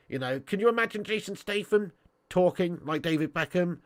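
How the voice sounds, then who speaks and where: Chatty man, high voice. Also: expressive, normal speed, a bit bright, dry recording. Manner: blunt, chatty, swearing banter. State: stuffy nose. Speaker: host of a football fan stream. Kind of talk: casual live-stream chat reading viewer comments.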